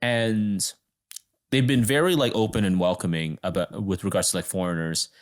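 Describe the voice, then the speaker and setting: A man's voice: deep voice, steady tone, normal speed. Rambling young man, filler-heavy casual chat. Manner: rambling, filler-heavy, keeps saying dude.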